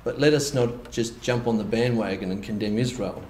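A man preaching a sermon in a roomy, echoing church, with a faint hiss under his voice. He talks in an easy, conversational way and slips into lively mock quotes to make his points. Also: medium pitch, moderate pace. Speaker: pastor. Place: church hall.

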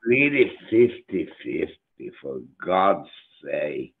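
A man's voice: low voice, big pitch swings, takes it slowly, breathy edge. An older man, a guest musician, telling rambling stories with a lot of swearing over a tinny, phone-like connection. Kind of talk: casual interview chat. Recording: tinny phone-like remote audio.

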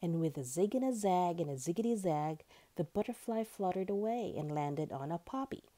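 A woman's voice: fairly low pitch, moderate pace. Sing-song woman reading a children's story. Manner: sing-song, expressive narration.

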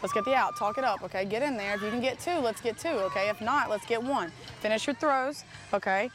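A woman coaching a softball team from the dugout at an outdoor field, commanding and encouraging. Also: fairly high pitch, lively intonation, brisk.

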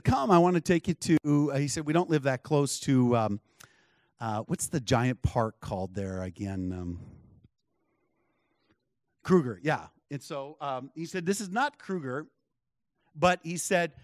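A man's voice: a little high, dry recording, studio quality. A man preaching a sermon in a conversational, storytelling way, full of asides to the congregation. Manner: conversational, many asides and checks with the crowd. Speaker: pastor. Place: church.

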